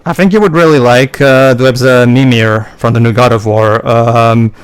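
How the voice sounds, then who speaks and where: Guy joking around in voice chat, dry close sound, mid pitch. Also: steady tone, normal speed, clean tone, dry recording. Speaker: co-host. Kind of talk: casual gaming chat.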